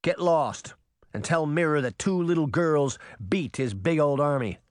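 A man's voice: fairly high pitch, lively intonation, a little slow, darkish tone, no echo, clean studio sound. A man voicing a brave young girl who speaks with confidence. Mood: defiant.

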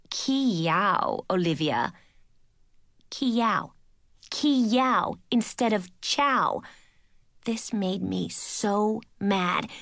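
A woman narrating a first-person audiobook in a lively, expressive storytelling manner. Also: lowish voice, no echo, clean studio sound.

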